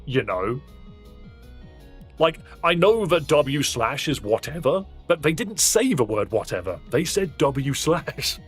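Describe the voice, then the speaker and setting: A man's voice: a little high, very animated, unhurried, husky. Brief: male game streamer, jokey commentary, faint music underneath. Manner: joking, laughs at the dialogue. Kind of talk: let's-play commentary.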